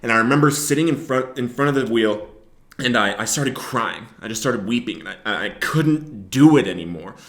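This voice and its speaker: A man's voice: medium pitch, animated, moderate pace, reverberant. A young man hosting his own show, telling his personal story of addiction and recovery to the camera with strong emotion. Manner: emotional, rising to loud shouting in places. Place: Billings, Montana area.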